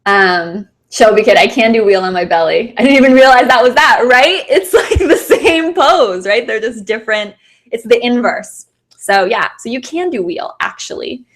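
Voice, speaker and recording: A woman hosting a casual live-stream yoga Q&A, chatty and enthusiastic, with plenty of fillers and restarts. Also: on the high side.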